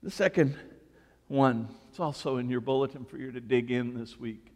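A male pastor preaching a sermon, telling stories in an animated, joking way. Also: medium pitch, normal speed. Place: church sanctuary. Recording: reverberant church hall.

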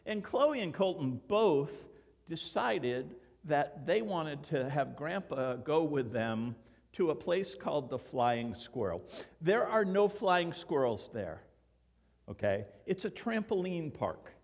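Animated older pastor in a reverberant hall. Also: male voice, fairly high pitch, slow pace, gravelly. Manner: storytelling, animated, acts out quoted voices. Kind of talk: sermon. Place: church sanctuary.

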